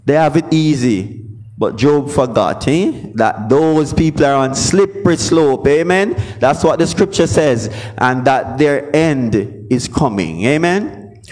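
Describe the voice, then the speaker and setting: A man's voice: a little high, expressive, slow pace, a little mellow. A man preaching a sermon, often calling out for responses from the congregation. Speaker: pastor.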